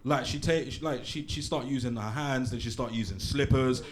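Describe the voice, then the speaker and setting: A man, performing a brash, profane, animated stand-up set in a small venue. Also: mid-range voice, moderate pace, slight background noise. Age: late 20s. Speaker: stand-up comedian. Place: small comedy pub venue, live audience. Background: audience laughter.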